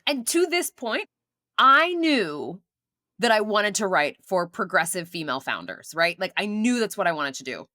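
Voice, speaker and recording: A woman's voice: medium pitch, big pitch swings, moderate pace, bright, forceful tone, dry recording, studio quality. A young adult woman, a marketing mentor guest on a podcast, telling stories with enthusiasm and repeating phrases for emphasis. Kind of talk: casual interview chat.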